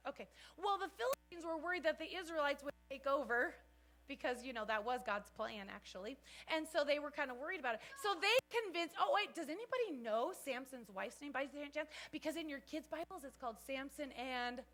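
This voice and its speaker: Bright animated woman teaching kids. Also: high-pitched, a little fast. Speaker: children's church teacher. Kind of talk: Bible lesson for kids.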